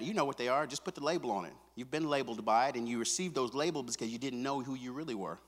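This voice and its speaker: A male pastor preaching a sermon. He moves between quiet, intimate asides and loud, fervent stretches, and he repeats his phrases with a casual "man" and "come on.". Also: medium pitch, fast talker, few pauses, big-room sound. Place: church sanctuary.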